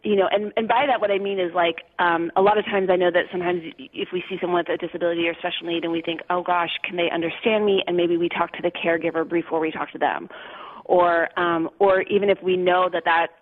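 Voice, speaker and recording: Woman talking haltingly over a tinny phone line. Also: on the low side, level tone. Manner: halting, many fillers and restarts. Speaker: guest author. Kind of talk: interview conversation.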